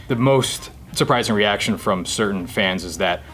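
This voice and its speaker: Guy from new jersey, 30s, chill low voice, swears a lot, just chatting. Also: moderate pace, soft background music. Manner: relaxed, candid storyteller who swears freely. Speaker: guest comedian. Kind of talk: casual chat.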